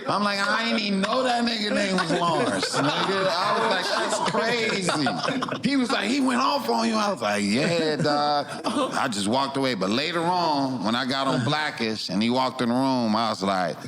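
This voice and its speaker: A man's voice: on the high side, moderate pace, over a noisy crowd. A middle-aged comedian telling a loose, slangy story in casual chat, often laughing as he talks. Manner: loose, slangy, laughs through his lines.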